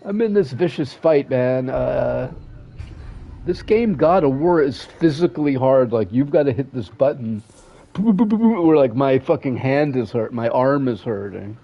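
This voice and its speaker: A man's voice: mid-range voice, expressive, a little slow, gravelly, muffled recording. A man streaming a video game, rambling and aggrieved in casual chat, swearing constantly and trailing off mid-sentence. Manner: restless and aggrieved, trails off and restarts.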